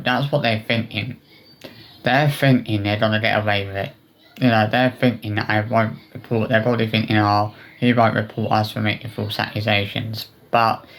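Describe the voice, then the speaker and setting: In a personal vlog, a man addresses his viewers directly, upset and remorseful, his speech halting and full of restarts and fillers. His voice is on the low side and a bit bright.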